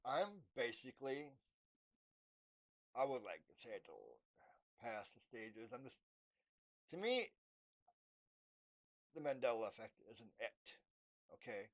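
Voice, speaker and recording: A young man rambles to his camera in a casual, halting monologue, full of fillers and restarts. His voice sits in a middle pitch for a man. He keeps acting out both sides of imagined exchanges. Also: animated. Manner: halting, many fillers and restarts, acts out dialogue. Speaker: vlogger.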